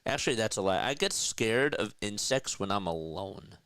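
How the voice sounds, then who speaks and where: A young man streaming live play-by-play of a baseball game, chatting with his viewers between pitches and lifting his voice for each call. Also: animated, normal speed, fairly bright tone, dry recording. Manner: pitch calls rise in pitch and energy. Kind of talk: live play-by-play commentary with chat.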